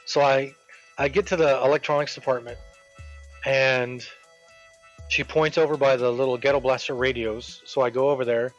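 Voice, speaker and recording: A man casually telling a workplace story while streaming a game, quoting people with animated voices. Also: medium pitch, moderate pace. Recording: dull lo-fi with game music.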